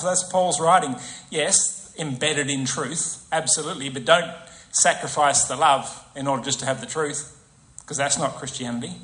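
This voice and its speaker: A man preaching a conversational sermon in a church, often asking the congregation tag questions and acting out quoted voices. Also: fairly high pitch. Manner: acts out quoted voices with soft asides.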